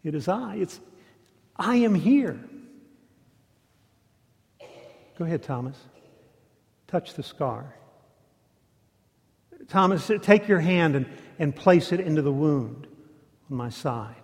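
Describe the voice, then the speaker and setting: A man voicing Jesus as a calm, gentle figure speaking softly and intimately. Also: on the high side, moderate pace, long reverb tail, lightly acted. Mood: tender. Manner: soft, hushed, intimate.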